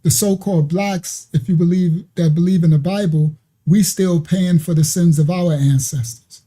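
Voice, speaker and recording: A man's voice: fairly high pitch, fairly even intonation, normal speed, mellow. A man hosting a religious channel, chatting and laughing through reaction commentary with preacherly asides.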